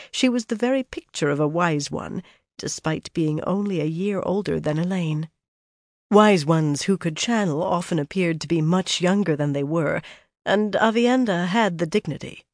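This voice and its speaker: Measured audiobook narrator, dry sound. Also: mid-range voice, no room sound. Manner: measured, even storytelling. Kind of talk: audiobook narration of a fantasy novel.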